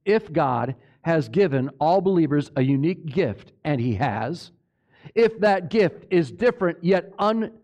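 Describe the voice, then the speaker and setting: A man's voice: a little high, darkish tone. A male pastor preaching a sermon in an emphatic way, often asking the congregation for an amen. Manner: emphatic, asks the congregation for amens.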